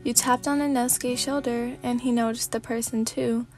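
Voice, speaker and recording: A woman narrating a fanfic as a sleepy ASMR reading, in a calm, steady storybook manner. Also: fairly high pitch, normal speed, faint music behind.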